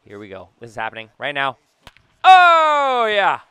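A young man from Southern California giving casual, jokey commentary over a baseball video game, breaking into yelps and shouts. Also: lowish voice, quick pace, no room sound. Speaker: gaming YouTuber.

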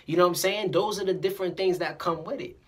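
Talking fast at a mid-range pitch, a vlogger gives a casual motivational talk straight to the camera. The delivery is animated and preachy, full of stumbling repeats and little acted-out dialogues.

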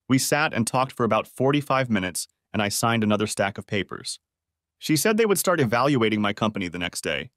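Man narrating an audiobook, lively pitch. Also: dry recording, studio quality. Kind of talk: first-person audiobook narration.

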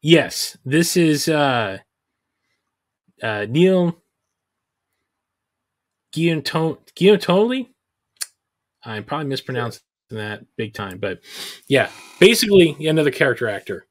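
Animated sarcastic man recapping a movie. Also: fairly high pitch, slow, long pauses. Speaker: podcast host. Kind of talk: casual chat, film recap.

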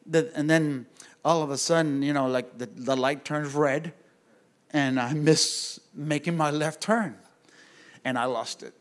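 Man, pastor, casual church storytelling, animated, talks to the audience, somewhat high voice. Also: measured pace. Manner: animated, conversational, addresses the audience directly. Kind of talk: casual storytelling to a men's group. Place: church gathering room.

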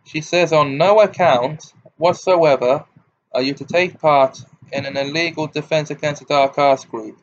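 A man's voice: on the high side, fairly even intonation, a little slow, lo-fi sound, close to an everyday voice. Sirius, a wry grown man, read by a man. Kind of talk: audiobook character reading.

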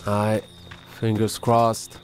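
A man's voice: lowish voice, monotone, slow, faint music behind. A man in casual multiplayer game chat as a streamer, joking and bantering playfully with his teammates. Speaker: gaming streamer.

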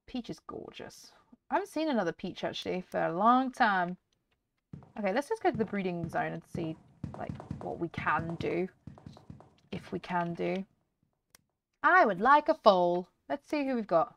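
A woman's voice: mid-range voice, lively intonation, normal speed, creaky, a bit bright. A woman casually commentating a game for her viewers, chatty and laughing often. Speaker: gaming video host. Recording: faint background noise and clicks.

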